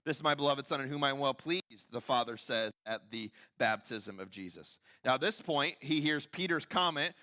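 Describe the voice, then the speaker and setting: Bright-voiced conversational male preacher. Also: medium pitch, animated, normal speed, hardly any pauses. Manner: conversational preaching, acts out quoted voices, often drops to quiet emphasis. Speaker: pastor. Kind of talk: sermon. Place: church sanctuary.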